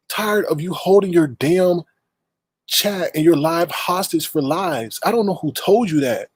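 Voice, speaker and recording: A man's voice: on the high side, a little mellow, husky, dry recording. A man hosting a livestream, scolding and insulting people in a heated roast rant. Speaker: livestream host.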